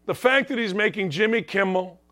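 A middle-aged man delivering an opinionated sports talk monologue in a high voice. His tone is bright and punchy. He wisecracks and hammers each point home by repeating it. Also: brisk. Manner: animated, wisecracking, rants with emphatic repetition. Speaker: sports talk show host.

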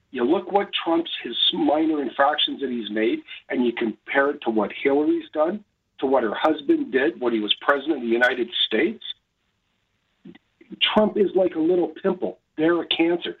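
A man's voice: fairly high pitch, animated, moderate pace, breathy edge. A man calling in to a radio show, making his point in an emphatic, repetitive and indignant way. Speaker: caller. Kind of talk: call-in opinion on phone. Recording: tinny phone line.

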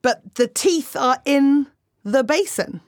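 A woman's voice: high voice, expressive, slow pace, no echo, studio quality. A woman comedian telling a silly story in a chatty, teasing way, giggling as she goes. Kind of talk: comic storytelling.

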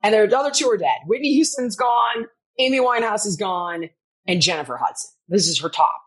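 A fitness personality in middle age speaks fairly quickly with a slightly rough, medium-pitched voice while guesting in a relaxed interview. Her storytelling is animated: she performs quotes, laughs frequently, and curses freely.

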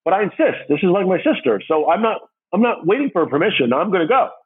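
Man, storyteller, animated, husky, thin phone-like sound. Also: fast talker. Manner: acts out others' voices with big pitch jumps. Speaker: interviewee telling his story.

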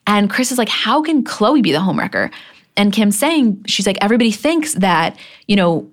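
A woman's voice: medium pitch, very animated, moderate pace. A young woman co-hosting a podcast, chatting casually and gossiping about a TV show, swearing freely. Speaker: podcast co-host. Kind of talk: casual chat recapping a TV show.

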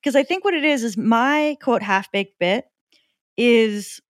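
Animated woman rambling with "like". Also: a little high, unhurried, no echo, clean studio sound. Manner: animated, lots of "like", laughing asides. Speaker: comedian guest. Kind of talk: casual chat about comedy.

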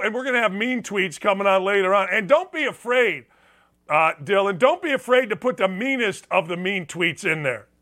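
Sports radio host, a man with a high, bright voice, blunt and sarcastic, lively delivery. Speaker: sports talk show host. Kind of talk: opinionated sports talk monologue.

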